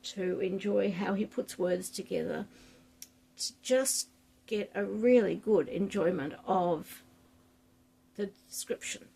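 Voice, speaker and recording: Aussie woman, book vlogger, keen and chatty when reading aloud; mellow, gravelly, breathy voice. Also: mid-range voice, slow. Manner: enthusiastic, chatty, reads passages with relish.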